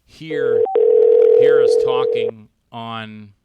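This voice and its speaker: A man's voice: mid-range voice, steady tone, extremely slow, dull audio, heavy background noise. An older man hosting a live radio talk show, chatty and joking, acting out what other people say in his stories. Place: radio studio.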